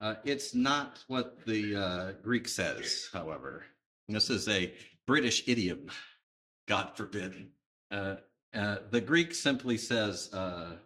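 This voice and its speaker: A man preaching a sermon, conversational and emphatic, with thoughtful pauses. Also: fairly low pitch, expressive, sharp tone. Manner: emphatic, conversational with fillers, pausing.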